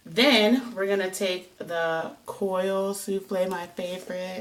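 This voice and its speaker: A woman's voice: mid-range voice, fairly even intonation, slow, heavy background noise. A woman chatting casually through a hair how-to, rambling and joking at herself as she goes. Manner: chatty, rambling, self-mocking. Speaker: hair vlogger. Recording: voice a bit distant from the mic.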